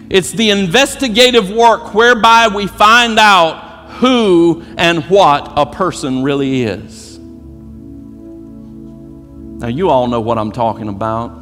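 A male pastor with a high voice preaches in a church sanctuary, his words ringing with a long hall reverb. He drives his points home by repeating phrases and rising to shouted emphasis, with faint music under him. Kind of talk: sermon.

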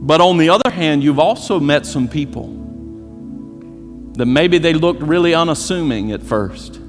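A man preaching a sermon as pastor, building to shouted emphasis and repeating his phrases. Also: on the high side, expressive, normal speed, long reverb tail, soft background music. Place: church sanctuary.

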